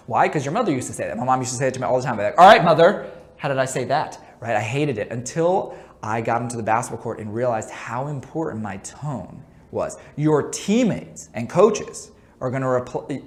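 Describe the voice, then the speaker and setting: A man coaching a basketball lesson in a conversational way, often checking in with the listener. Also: medium pitch. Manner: conversational, keeps checking in with "right?"; jokey asides. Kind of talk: instructional talk.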